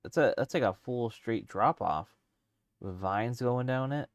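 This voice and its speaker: A man's voice: mid-range voice, a little slow, dry recording, clean studio sound. A man streaming a let's play, rambling casually as he thinks aloud with lots of fillers. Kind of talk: casual let's-play commentary while gaming.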